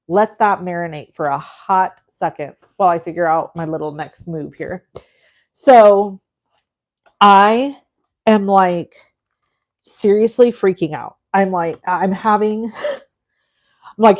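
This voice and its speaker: A woman's voice: lowish voice, a little slow. A middle-aged woman hosting a craft livestream, chatting casually and telling a story as she works. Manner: chatty storyteller, animated and self-mocking. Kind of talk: casual chat while crafting.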